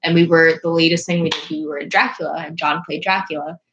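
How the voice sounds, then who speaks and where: Young woman, casual chat, fairly low voice, chatty and trails off. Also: fairly even intonation, a bit bright, lo-fi sound. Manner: chatty, trailing off, quick to laugh. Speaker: co-host of a fan-film channel.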